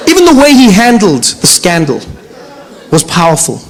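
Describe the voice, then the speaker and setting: This is a young man doing stand-up. His voice sits high and bounces along with playful energy. He tells the story as an animated performer. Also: moderate pace, some chatter behind, poor audio. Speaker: comedian. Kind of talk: stand-up comedy.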